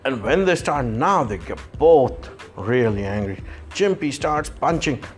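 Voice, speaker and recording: A man's voice: mid-range voice, animated, a little slow, soft background music. A man telling a playful children's story in the manner of a boxing commentator.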